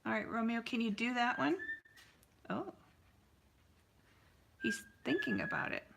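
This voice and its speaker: A woman's voice: on the high side, lively intonation, a little slow, creaky, noisy background. A woman artist hosting a live painting stream, chatting casually and answering viewers' comments with lots of fillers.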